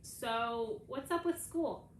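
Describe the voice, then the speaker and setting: A woman's voice: a little high, slow, slight background noise. A woman reading aloud voices a father who teases his son and then stays firm, in an echoey room. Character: Ben's father, teasing and firm.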